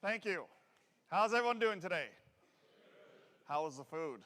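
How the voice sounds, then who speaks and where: Canadian man, fairly high voice, folksy joking safety speaker, long hall echo. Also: normal speed. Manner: folksy and joking, lively delivery. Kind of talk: motivational talk. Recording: echoey hall.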